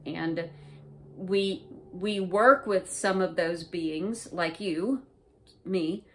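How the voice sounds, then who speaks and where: Woman vlogger, slightly low pitch, loose and rambling storyteller who swears freely. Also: drawn-out words, slight background noise. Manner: rambling, profane, filler-heavy. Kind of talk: casual first-person recounting.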